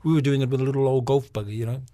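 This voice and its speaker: A middle-aged man with a New Zealand accent, an actor guest talking in a relaxed, rambling way with many fillers. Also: medium pitch, racing, no room sound. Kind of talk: casual interview chat.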